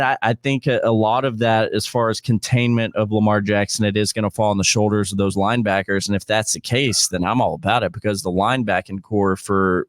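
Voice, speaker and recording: Low-voiced man, enthusiastic podcast guest. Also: dry recording, studio quality. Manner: enthusiastic, stammering restarts. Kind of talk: casual podcast chat.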